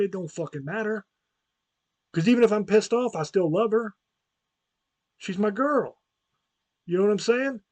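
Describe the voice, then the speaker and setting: A man hosts a casual podcast, telling his stories in a heated, rambling style with plenty of swearing. His voice sits fairly high. The sound is close and dry, with no room behind it. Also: darkish tone, no echo. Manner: profane, rambling, heated storytelling. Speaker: podcast host. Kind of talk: casual chat.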